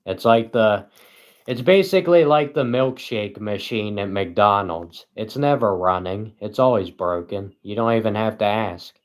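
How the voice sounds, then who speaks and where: A man livestreaming at home, reading chat aloud and answering with deadpan sarcasm and frequent chuckles. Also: lowish voice, a little slow.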